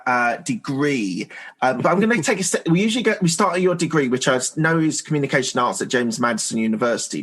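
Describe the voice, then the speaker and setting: Male podcast host, husky, mid-pitched, halting question style. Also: fairly bright tone. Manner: halting, hedges with fillers as he sets up questions. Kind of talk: interview questions.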